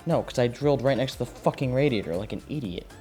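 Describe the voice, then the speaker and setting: A man's voice: mid-range voice, expressive, fast talker, mellow, soft background music. A man vlogging his PC build in a casual, profane and sarcastic way, ranting in frustration as he works. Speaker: tech YouTuber.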